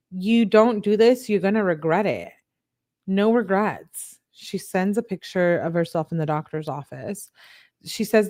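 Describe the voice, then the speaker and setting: Woman host reading texts out loud to chat, steady mid voice, blunt side comments. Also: mid-range voice. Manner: plain steady reading, broken by blunt incredulous asides; reads chat comments aloud to viewers. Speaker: channel host. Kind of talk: reading text messages aloud with live commentary.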